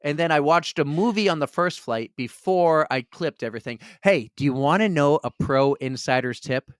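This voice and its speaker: A man co-hosting a podcast sits close to the mic in a dry, dead room. His voice sits a little high for a man. He tells a rambling story with lively energy and often says a phrase twice. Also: moderate pace, clean tone, no room sound. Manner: animated storyteller, repeats phrases. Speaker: podcast co-host. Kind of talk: casual chat.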